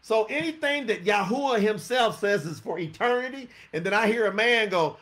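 A man teaches a sermon. He talks in an animated, conversational way, often stopping to ask his listeners questions. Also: high voice, moderate pace. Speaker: preacher.

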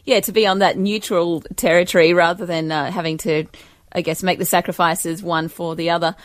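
A woman's voice: fairly low pitch, fairly even intonation, brisk, dry recording, studio quality. A woman hosting an interview, asking friendly questions and affirming her guest. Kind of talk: conversational interview.

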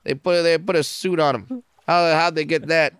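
A comedian in his forties tells stories on a podcast with a strikingly smooth, resonant voice. He swears freely and keeps jumping into animated quoted voices. The recording sounds dry and close. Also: a little high, dry recording. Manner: profane, animated, quick to act out quotes. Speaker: comedian guest. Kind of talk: casual podcast interview storytelling. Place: podcast studio.

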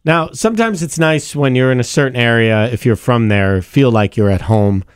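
A man's voice: mid-range voice, moderate pace, clear, resonant tone, no echo, studio quality. A man hosting a casual radio chat and trading jokes with a co-host. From Wisconsin. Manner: chatty, laughs along, bursts into a loud mock New York voice.

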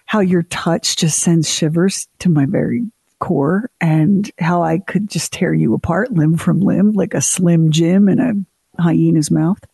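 A woman co-hosting a radio show, telling stories in a lively, teasing way with mock voices. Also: lowish voice, measured pace, vocal fry, slightly rough, dry recording. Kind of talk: casual radio chat.

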